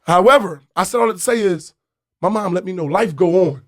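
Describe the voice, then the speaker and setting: A man from Philadelphia, a comedian guest telling a story on a podcast in a lively way and acting out the voices of the people in it. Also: sits high, a little fast, dry recording, studio quality. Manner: animated storyteller who acts out voices, bursts into loud laughter.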